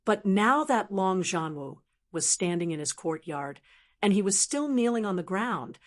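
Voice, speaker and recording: A woman reading a fantasy novel aloud as an audiobook narrator, steady and even. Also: mid-range voice, a little slow. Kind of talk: scripted narration.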